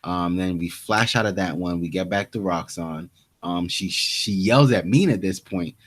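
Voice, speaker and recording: A young man with a fairly low voice recaps a TV episode in loose podcast chat. He restarts his sentences often and slips into the characters' lines as he goes. The tone stays casual and conversational. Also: moderate pace. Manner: retelling scenes with quoted lines, restarts. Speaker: podcast co-host.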